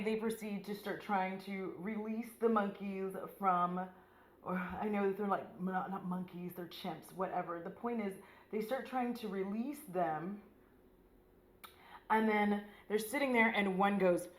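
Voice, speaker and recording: Woman vlogger, casual movie recap, swears and jokes, mid pitch, echoey room. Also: unhurried. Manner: chatty, profane, jokey, acts out scenes. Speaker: beauty vlogger. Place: room at home.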